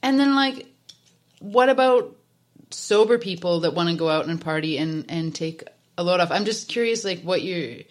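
A woman with a lowish voice who talks in a loose, chatty way full of fillers. She steers the conversation with curious questions, and her speech stays casual throughout. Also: lively intonation, normal speed. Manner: chatty, lots of "like", probing questions. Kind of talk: casual chat.

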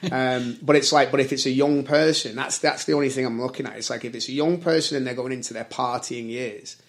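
A man's voice: medium pitch, steady tone, a little fast. A man in his forties from Britain, chatting casually in a rambling way that corrects itself and is full of fillers. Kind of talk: casual chat.

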